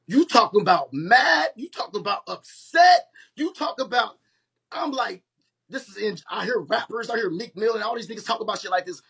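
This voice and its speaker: A man's voice: sits high, animated, fairly quick, vocal fry, a bit bright, slightly rough. A man with telling his own story on a live stream, in a heated, profane and emphatic way.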